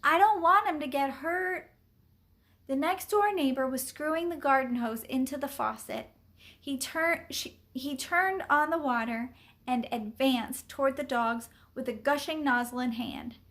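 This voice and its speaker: Woman reader for a children's chapter book, high clear voice, unhurried and expressive. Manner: expressive, deliberate. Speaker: story reader. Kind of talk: children's book read-aloud.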